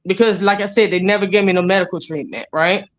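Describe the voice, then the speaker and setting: A woman's voice: mid-range voice, fairly even intonation, fast talker. Interview guest: woman with a Jamaican accent, rambling and blunt, on muffled lo-fi audio. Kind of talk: casual interview storytelling.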